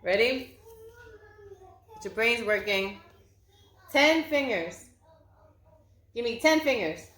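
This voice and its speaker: A woman's voice: a little high, lively intonation, slow pace, pauses often, fairly bright tone, echoey room. A woman teaching a circle-time lesson to young children, speaking in a patient, sing-song way and drawing out her words. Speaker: preschool teacher.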